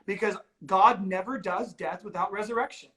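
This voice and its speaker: A man's voice: sits high, normal speed, bright, forceful tone, poor audio. Earnest man in casual ministry talk. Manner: earnest, emphatic, with frequent "like" and "you know". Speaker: ministry leader. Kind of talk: candid conversational talk.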